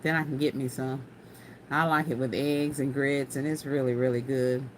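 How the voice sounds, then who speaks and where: A woman's voice: very deep voice, fairly even intonation, normal speed, a little hiss or hum. A woman hosting a casual craft livestream, chatting folksily and laughing often as she answers viewer comments.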